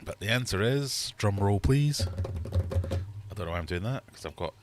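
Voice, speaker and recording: A man's voice: low voice, animated, moderate pace, noisy background. A middle-aged man hosting a casual livestream quiz from his fish room, chatty and jokey as he reads out questions and scores. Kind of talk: casual live quiz chat.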